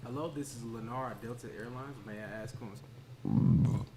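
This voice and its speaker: Dude doing a polite airline phone rep, calm scripted talk, noisy mic. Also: male voice, medium pitch, normal speed, close to an everyday voice. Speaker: customer service agent. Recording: noisy recording with clicks.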